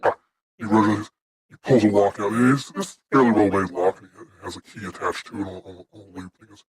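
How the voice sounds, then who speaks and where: A man's voice: fairly low pitch, steady tone, brisk, poor audio. A man narrating a tabletop game as game master, describing scenes casually with fillers.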